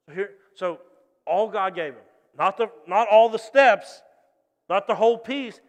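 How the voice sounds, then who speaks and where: High-voiced animated male pastor. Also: moderate pace, in a large hall. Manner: animated storytelling with acted-out voices. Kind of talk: sermon.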